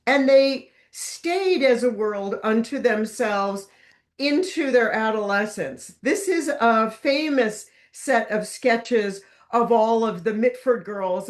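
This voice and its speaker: A woman giving an author's talk, narrating over slides in a lively, wry storytelling manner with emphatic stresses. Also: fairly high pitch. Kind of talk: illustrated lecture with slides.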